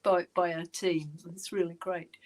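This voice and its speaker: A woman's voice: lowish voice, little pitch movement, moderate pace, darkish tone, rough recording. A woman hosting a casual interview, chatty and enthusiastic, telling stories and laughing easily. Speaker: podcast host. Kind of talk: casual chat.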